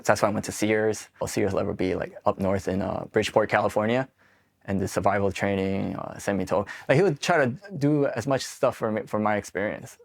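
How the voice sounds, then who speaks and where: His voice is gravelly and fairly low, and he talks a little fast. He's a forties-something Marine veteran from Queens, New York, a guest sharing his own service stories casually and frankly, cursing freely and acting out the quoted exchanges.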